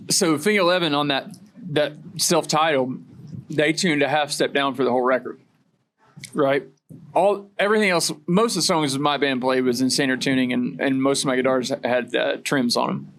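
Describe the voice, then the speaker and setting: A man hosting a podcast, telling stories in a casual chat and acting out the voices of people he quotes. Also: medium pitch. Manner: animated storyteller who acts out quoted voices. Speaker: podcast host.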